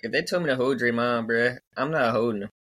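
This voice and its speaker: A man's voice: medium pitch, fast, a bit bright. A man co-hosting a casual sports podcast, laughing often and adding "bruh" to his lines. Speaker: podcast co-host.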